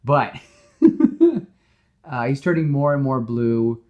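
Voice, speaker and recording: A man on a podcast, casually narrating his own movie pitch scene by scene and acting out the lines. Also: sing-song, very slow, dull audio. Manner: casual, lots of fillers, acts out scenes. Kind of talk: animated storytelling.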